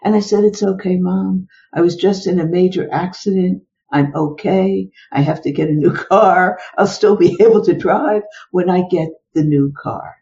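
A woman's voice: on the low side, moderate pace, hardly any pauses, mellow. An older woman, a psychologist being interviewed, recounting personal stories with exclamations and rhetorical questions. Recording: dull lo-fi recording.

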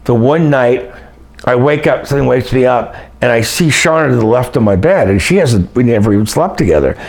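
An older man, a guest in an interview, telling personal stories in a casual, animated way and acting out the voices he quotes. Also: mid-range voice, brisk, gravelly. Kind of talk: casual storytelling.

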